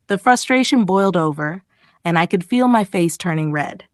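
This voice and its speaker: For an English lesson, an animated female reader works through short, emotional stories at a moderate pace. The studio recording has no echo. Paragraph titles come first, and every quoted line is performed with its own emotion and a lifted pitch.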